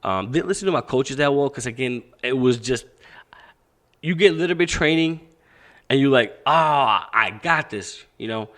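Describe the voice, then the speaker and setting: Young male fight coach, candid and foul-mouthed, animated storyteller who acts out every exchange, medium pitch. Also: normal speed. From Pakistan. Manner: profane, animated, acts out quoted dialogue. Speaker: boxing coach, podcast guest.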